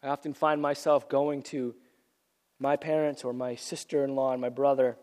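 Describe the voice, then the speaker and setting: A man's voice: medium pitch, flat delivery, normal speed, darkish tone. A man preaching a sermon, earnest and repeating phrases for emphasis, losing his voice from a cold. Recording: long reverb of a large hall.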